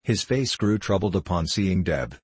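A man narrating an audiobook in a measured, even reading. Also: low-pitched, breathy edge, no room sound.

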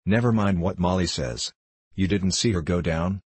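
Male reader as a curt, sharp coroner in a storybook, low, dry voice. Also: moderate pace, breathy edge, no room sound. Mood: stern. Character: stern, impatient male coroner at inquest.

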